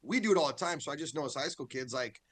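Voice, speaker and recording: Candid high school football coach, man. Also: lively intonation, quick pace, fairly bright tone. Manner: candid, loose, self-correcting, says "right?" often. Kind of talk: casual sports interview.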